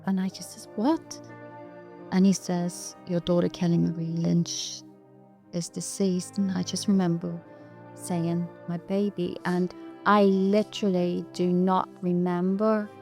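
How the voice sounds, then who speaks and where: A woman's voice: on the low side, gravelly, mellow. A middle-aged Irish woman, an interview guest, recounting a painful personal story with quoted dialogue, her words raw and urgent at times. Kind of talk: emotional personal account.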